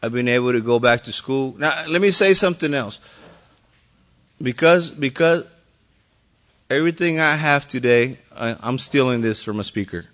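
A man at a recovery meeting tells a group his own story. He talks in a loose, easygoing way, full of "you know"s and restarts, with some mild swearing. His pitch sits in an ordinary middle range. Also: expressive, normal speed, fairly bright tone. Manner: casual, rambling, many fillers and restarts, light swearing, laughs often.

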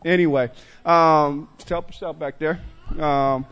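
A man's voice: a little high, fairly even intonation, unhurried, fairly bright tone, clean tone. A middle-aged man speaking casually to a recovery group, loose and conversational, with many stammered restarts and "man" tags. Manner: frequent restarts and stammered repeats. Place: meeting room with a group.

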